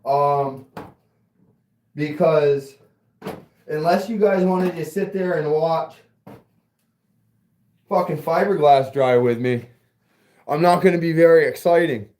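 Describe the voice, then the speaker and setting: A man's voice: on the high side, slow pace, long pauses, a little mellow. A man hosting a casual livestream while working in a garage workshop, rambling and joking and swearing freely. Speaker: livestream host.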